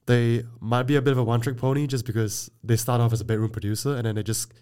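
A man hosting a casual podcast interview, relaxed and agreeable, with many fillers. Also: medium pitch, fast talker, smooth. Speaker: podcast host.

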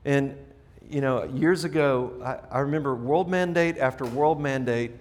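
A man's voice: mid-range voice, normal speed. A middle-aged man preaching a sermon in a church, earnest and conversational, often restarting his sentences as he speaks to the congregation. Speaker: pastor. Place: church sanctuary.

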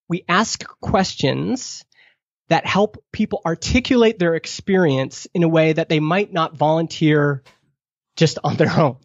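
A man speaking as a podcast guest in a product marketing role, giving advice and acting out the questions he wants people to ask. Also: no room sound. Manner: acts out quoted questions, pitch jumping up. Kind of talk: animated advice-giving in conversation. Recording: dull lo-fi dry sound.

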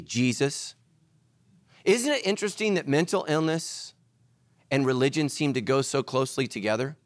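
A man preaching a sermon as pastor, animated, swinging between loud emphatic lines and hushed ones. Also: on the high side, moderate pace, dry recording.

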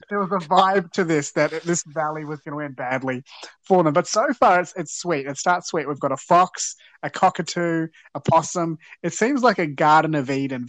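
A man's voice: a little high, a bit bright, dry recording. A man hosting a podcast, recounting an episode's plot with an earnest, wry manner. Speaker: podcast host. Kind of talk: casual episode recap.

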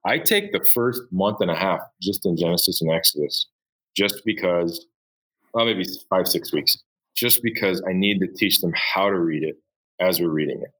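A middle-aged man, a high school Bible teacher, telling classroom stories with enthusiasm in an interview. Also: normal speed, pushed and bright, rough recording. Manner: enthusiastic storyteller, acts out voices. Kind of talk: conversational interview.

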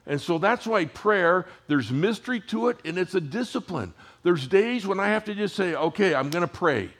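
A man in his sixties, a pastor giving a sermon in a conversational storytelling way, his voice dropping to hushed tones and rising again. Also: sits high, lively intonation, moderate pace. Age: 60s.

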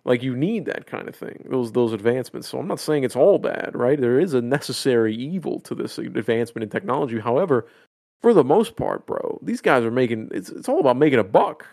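A man's voice: medium pitch, animated, fairly quick, gravelly, darkish tone. A man co-hosting a podcast, rambling and swearing in casual chat. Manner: rambling, profane, storytelling with acted quotes. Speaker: podcast co-host.

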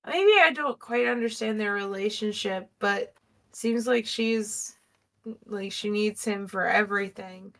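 A woman's voice: mid-range voice, a little slow, vocal fry, a bit bright. A woman co-hosting a podcast, chatting casually about a TV episode, thinking aloud with hedges and the odd swear. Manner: hedging, thoughtful, swearing. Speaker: podcast co-host. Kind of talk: casual chat recapping a TV episode.

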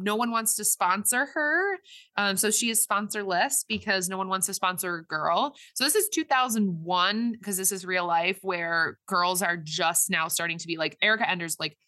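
Bright, rambling young-sounding woman recapping a movie. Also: mid-range voice, moderate pace, no room sound. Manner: rambling, filler-heavy retelling with quoted voices. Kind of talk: casual movie recap chat.

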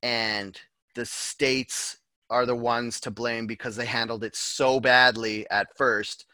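A man's voice: medium pitch, fairly even intonation, slow pace, pushed and bright, dry recording. A man co-hosting a podcast, chatting in a loose, rambling and joking way. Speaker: podcast co-host. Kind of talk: casual chat.

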